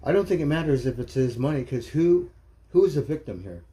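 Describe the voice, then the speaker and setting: A man's voice: fairly high pitch, lively intonation, a little fast, warm tone. A man hosting a livestream, ranting bluntly and heatedly in casual, profane commentary. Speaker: livestream host. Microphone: streaming mic.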